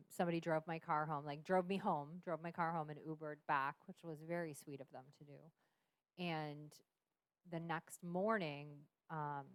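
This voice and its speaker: With a deep voice and no room sound, a thirtysomething woman guesting on a podcast shares a personal story openly. She curses freely and keeps breaking into laughter.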